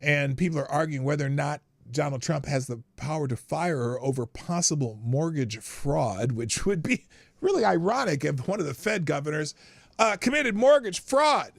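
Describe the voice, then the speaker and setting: A man's voice: on the high side, moderate pace, creaky, dry recording. An older man hosting a live news commentary stream, chatting casually, laughing often and reading articles aloud with his own asides.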